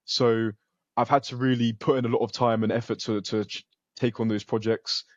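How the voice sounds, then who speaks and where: A man's voice: mid-range voice, little pitch movement, normal speed, no echo, lo-fi sound. A young man from the UK, a computer science student, talking earnestly and confidently as an interview guest, often restarting his sentences. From United Kingdom. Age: young adult. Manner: earnest, self-assured, frequent restarts. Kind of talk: casual interview over a call.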